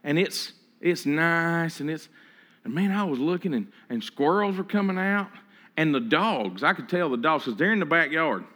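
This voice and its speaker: A man's voice: on the high side, lively intonation, moderate pace, fairly bright tone. A man preaching a sermon in a conversational way, often repeating words and acting out what people say. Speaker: pastor.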